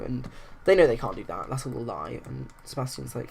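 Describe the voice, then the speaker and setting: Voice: mid-range voice, a little fast, gravelly, darkish tone, a little hiss or hum. A host narrating a life-simulation game casually, retelling scenes with quoted lines. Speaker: let's play host.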